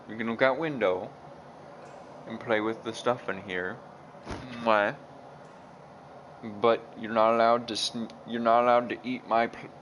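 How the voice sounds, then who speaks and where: A man's voice: fairly low pitch, fairly bright tone, a little hiss or hum, rough recording. A young man chatting casually while playing a video game, rambling with many restarts. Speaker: gaming streamer.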